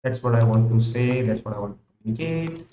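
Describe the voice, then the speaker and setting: A young man with an Indian English accent and a medium-pitched voice talks fast and loosely on a live stream, thinking aloud as he works. He rambles, often repeating and restarting sentences. The home recording is roomy and slightly dull, with slight background noise.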